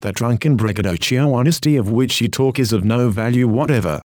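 A man preaching an old-style sermon with earnest, exhorting emphasis. His voice sits at an ordinary middle pitch. It is recorded close and dry, with no room around it. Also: fairly quick, a little mellow, no room sound. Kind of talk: read Victorian sermon.

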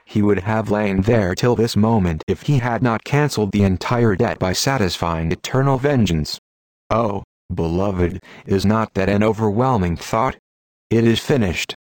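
A man's voice: lowish voice, moderate pace, a little mellow, no echo. A man delivering an old-fashioned sermon in a solemn, declamatory way. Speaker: preacher. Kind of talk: Victorian sermon reading.

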